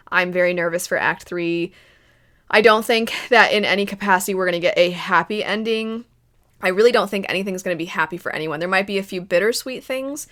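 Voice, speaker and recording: A woman hosts her own channel and talks through a casual review commentary. She thinks aloud in a chatty, easygoing way, with quick laughs, and her voice sits a little low for a woman. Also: fairly bright tone. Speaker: channel host reviewing a series.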